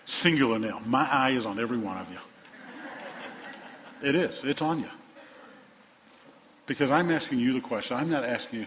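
A male pastor preaching a sermon, telling stories and swinging from loud emphasis to hushed tones. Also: mid-range voice, normal speed, pauses often, slight background noise. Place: large church sanctuary. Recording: dull sound, long hall reverb.

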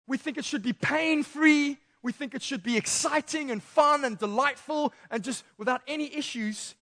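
A young man preaching a lively sermon to young people, acting out the Bible characters in casual slang. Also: very high voice. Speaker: youth pastor.

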